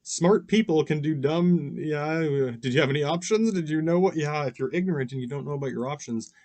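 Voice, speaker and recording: A man's voice: fairly high pitch, a little fast, a little mellow. A man hosting a podcast, delivering a rambling, profane monologue that keeps breaking off into "yeah" and restarts. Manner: profane, restless, self-interrupting with frequent "yeah" fillers. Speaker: podcast host.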